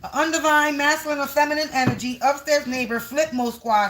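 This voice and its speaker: A woman's voice: sits high, steady tone, a little fast, a bit bright, a little hiss or hum. A woman doing a casual spiritual reading on a livestream from home, emphatic and repetitive, talking straight to her viewers.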